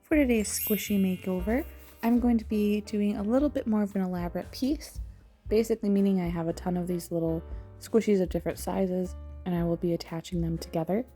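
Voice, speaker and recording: A woman's voice: mid-range voice, a little fast, warm tone, soft background music. A woman narrating her craft project in a casual voice-over, chatty and self-mocking, with little laughs. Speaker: craft vlogger.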